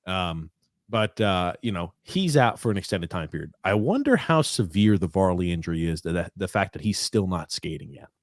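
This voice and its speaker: A man's voice: low voice, expressive, no echo, studio quality. A man co-hosting a casual sports watch-along podcast, chatty and teasing. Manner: teasing, chatty, talks fast at times. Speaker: podcast co-host.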